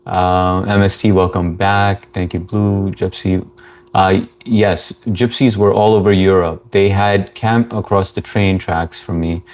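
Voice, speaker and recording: Brief: male livestream host, lowish voice, easygoing chat, reads comments and greets viewers. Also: fairly even intonation, measured pace, darkish tone, a little hiss or hum. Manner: easygoing, greets viewers by name, frequent fillers.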